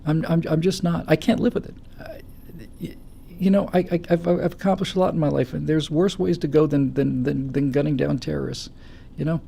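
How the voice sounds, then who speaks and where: A man hosting a political talk show, giving impassioned commentary with stammering restarts that build to loud, forceful stretches. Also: on the high side, fairly even intonation, fairly quick, creaky, slight background noise. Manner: forceful, stammering restarts, rising to near-shouting. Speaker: show host.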